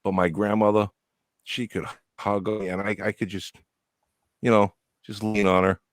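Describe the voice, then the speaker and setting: A man's voice: fairly low pitch, little pitch movement, moderate pace, dry recording, clean studio sound. A man co-hosting a casual livestream chat, joking and crude in a laid-back way.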